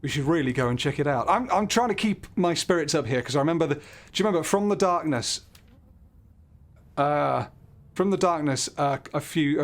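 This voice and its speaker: A man talking through a horror game as he plays, joking, jumpy and swearing when something startles him. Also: on the high side. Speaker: gaming channel host. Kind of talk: horror game let's play commentary.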